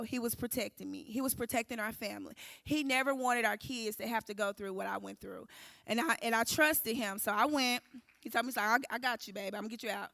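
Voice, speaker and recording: A woman, giving an animated personal testimony at a church recovery service and acting out the voices in her story. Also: on the high side, vocal fry, no room sound, clean studio sound. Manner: animated storytelling, acting out quotes, addressing the room as y'all.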